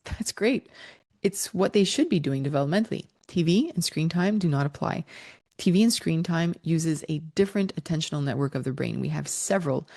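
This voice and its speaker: Parenting educator, female, middle-aged, low voice, lively and chuckling as she explains. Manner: warm, animated, laughs between points. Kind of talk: explaining child development.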